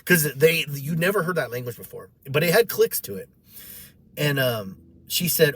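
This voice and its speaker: Emotional man, animated storyteller. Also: a little high, moderate pace, breathy edge. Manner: animated, acts out the voices of others; emotional, repeats himself. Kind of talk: emotional personal testimony.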